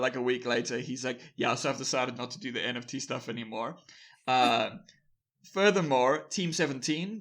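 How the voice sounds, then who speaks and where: A man co-hosting a casual podcast, reading out news items in a loose, rambling way. His voice sits at an ordinary middle pitch, and he laughs easily as he goes. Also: a bit bright. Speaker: podcast co-host.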